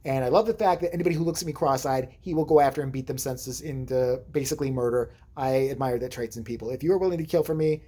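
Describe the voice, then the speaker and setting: A woman's voice: rumbling low, fast talker, few pauses, dark tone, slight background noise. A woman vlogger telling a rambling, profane story in casual chat, acting out the people she quotes.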